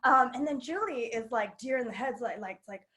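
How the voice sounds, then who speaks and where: A woman's voice: fairly high pitch, lively intonation, fairly quick, pushed and bright. A woman telling a personal story at a live storytelling night, chatty and full of fillers and laughter. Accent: New York. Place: queer bookstore event space.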